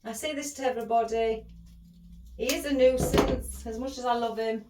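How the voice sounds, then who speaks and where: A woman's voice: a little high, steady tone, normal speed, very noisy. A middle-aged woman chatting as she hosts a craft tutorial, rambling and affectionate toward her viewers. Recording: echoey room.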